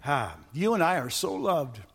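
A man's voice: on the high side, sing-song, normal speed, vocal fry, slightly rough. A man preaching a sermon in a folksy, storytelling way, often repeating words and building up to emphatic outbursts. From Missouri. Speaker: pastor.

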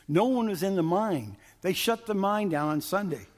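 A man telling a story to a live audience in a lively, animated way, acting out the lines he quotes. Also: sits high, moderate pace. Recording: long hall reverb.

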